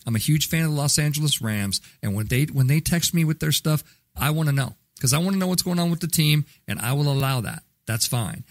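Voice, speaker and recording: A man's voice: on the high side, expressive, brisk, no room sound. A man hosting a podcast, talking about marketing in a blunt, ranting way that mocks bad habits. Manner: blunt, ranting, mocks callers in put-on voices. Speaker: podcast host. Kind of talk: opinionated marketing talk.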